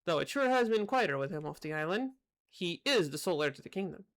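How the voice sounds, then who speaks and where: A woman voicing a stately older male king, lowering her voice to sound like a man. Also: sing-song, fast. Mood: regal. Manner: lowered voice, trying to sound manly.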